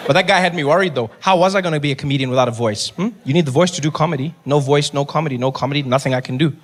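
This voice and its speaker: Animated South African comedian, high voice. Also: male voice, racing. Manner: animated storytelling, repetitive punchlines. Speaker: stand-up comedian. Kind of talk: stand-up comedy. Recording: live club with crowd laughter.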